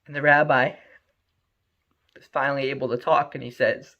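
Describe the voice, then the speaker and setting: A man telling a story aloud in an earnest, animated way, on a muffled lo-fi recording. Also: mid-range voice, normal speed. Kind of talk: spoken storytelling.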